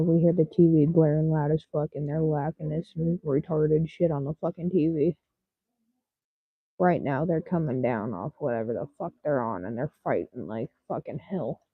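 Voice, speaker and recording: A woman's voice: sits low, steady tone, normal speed, husky, no echo. A woman chatting casually with her livestream viewers, talking bluntly and swearing a lot. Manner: blunt and heavily profane. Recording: tinny phone-like dry sound.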